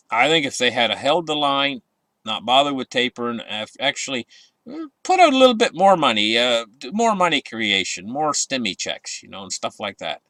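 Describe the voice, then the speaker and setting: A man talks through the day's market figures on his own channel, rambling and restarting, with sarcastic asides. His voice is bright and forward, medium in pitch. The sound is dry and close, with no room around it. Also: dry recording. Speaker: market commentary host. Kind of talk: casual market commentary.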